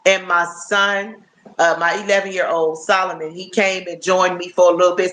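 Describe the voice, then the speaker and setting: A woman's voice: on the low side, level tone, moderate pace, a bit bright, slight background noise. Woman, fifties, livestream host, chatty, heartfelt, casual talk into a phone. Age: 50s. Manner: chatty and heartfelt, often asks "you know what I'm saying?".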